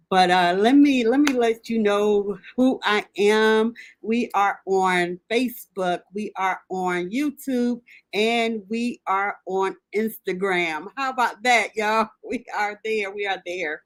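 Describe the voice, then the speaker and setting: A middle-aged woman, hosting a grief recovery podcast. She speaks in a heartfelt, halting way, with many pauses and restarts, and sounds close to tears at times. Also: medium pitch, no echo. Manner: halting, with frequent ums and restarts; emotional, near tears at times. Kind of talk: heartfelt personal address.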